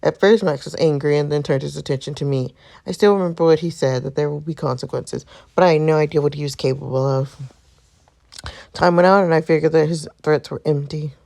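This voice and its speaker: A woman reading a game's narration as a devoted, protective young man, in an earnest storytelling way with a gravelly texture. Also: low voice, fairly quick, darkish tone. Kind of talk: reading game narration aloud.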